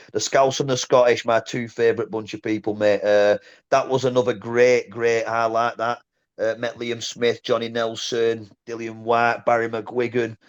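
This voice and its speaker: A man, a former boxer telling stories in a casual interview, blunt and animated, often saying "mate". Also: mid-range voice, dull audio. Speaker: guest, former boxer and coach.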